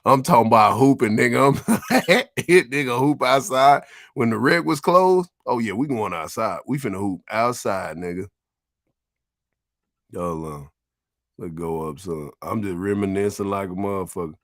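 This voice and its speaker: A man's voice: fairly low pitch, normal speed, a bit bright, dry recording, clean studio sound. A middle-aged man casually reminiscing as he tours his old neighborhood, talking in profane, laid-back street slang. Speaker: vlogger.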